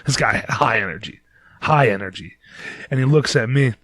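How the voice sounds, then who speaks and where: A podcast host from Detroit tells a loose, rambling story, swearing freely. His voice is middle-pitched and ordinary. The room sound is very dry and close. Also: moderate pace, a bit bright, no echo. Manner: profane, rambling, laid-back. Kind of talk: casual storytelling monologue.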